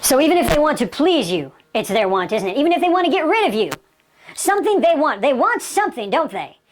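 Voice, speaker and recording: A woman's voice: sits high, sing-song, fast. A woman teaching sales technique in an emphatic, repetitive lecture style, often checking in with "okay?". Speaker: sales trainer.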